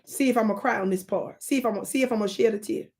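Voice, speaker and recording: A woman hosting a live stream, reading history aloud and calling out to her chat in an animated, preachy way. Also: fairly high pitch, very fast. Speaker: livestream host.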